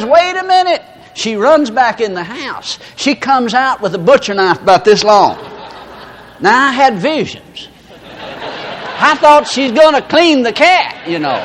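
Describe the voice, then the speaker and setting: A man with a very high, fairly bright voice preaches a storytelling sermon, using folksy anecdotes and laughter to make his point. The recording is from a reverberant hall with slight background noise.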